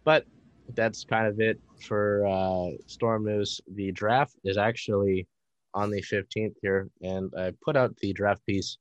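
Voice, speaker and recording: A young man hosting a casual sports podcast, running through news items quickly with frequent fillers. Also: on the low side, fairly even intonation, no room sound, highs cut off.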